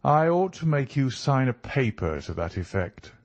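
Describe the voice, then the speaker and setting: A man's voice: mid-range voice, very animated, normal speed, dry recording, muffled recording, pitched above the performer's own voice. A man voicing a brilliant male detective who lectures in a precise, superior way. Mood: lecturing.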